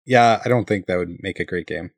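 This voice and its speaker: Very deep-voiced man, dry close sound. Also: fairly quick, no room sound. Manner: laughs often, reads listener letters aloud. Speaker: podcast co-host reading letters. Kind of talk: casual chat.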